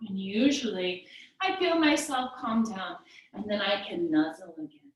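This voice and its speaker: A woman teaching a kids yoga class in a playful, sing-song way, with drawn-out phrasing. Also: medium pitch, animated. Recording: echoey room, voice from a distance.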